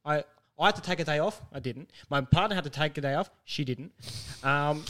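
A man in casual podcast chat, his voice sitting a bit high. He tells his story with animated acted-out quotes and laughs often along the way. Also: moderate pace, few pauses, slight background noise. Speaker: podcast co-host.

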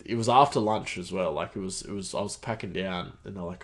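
A man's voice: fairly low pitch, little pitch movement, normal speed. A man hosting a podcast, telling a casual story in a rambling way full of fillers and restarts. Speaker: podcast host.

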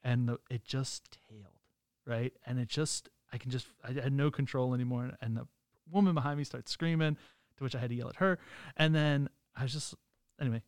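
A man co-hosting a podcast, telling a story in an animated way and laughing often. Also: mid-range voice, brisk, no room sound, clean studio sound. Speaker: podcast co-host. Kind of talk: casual storytelling.

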